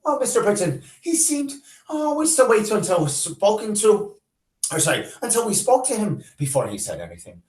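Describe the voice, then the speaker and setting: A man voicing a timid, anxious woman housekeeper in a high, pleading voice, read aloud to a class. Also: sing-song, normal speed. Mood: meek, anxious. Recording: echoey room.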